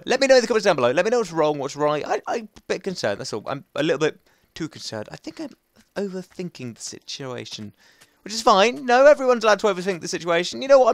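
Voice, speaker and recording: A man hosting a video game let's play, chatting and rambling to himself and his viewers, switching between loud bursts and soft muttering. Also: on the high side.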